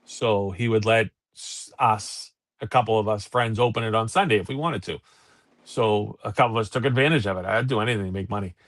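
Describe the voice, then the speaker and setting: A man, co-hosting a casual talk show and telling profane, animated stories. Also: fairly low pitch, brisk, no room sound, studio quality. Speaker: podcast co-host. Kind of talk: casual chat.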